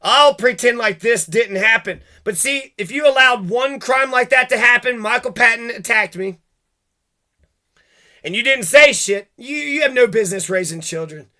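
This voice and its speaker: High, bright-voiced angry ranting man. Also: normal speed. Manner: heated, cursing, jumps from grievance to grievance. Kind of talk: angry profane rant.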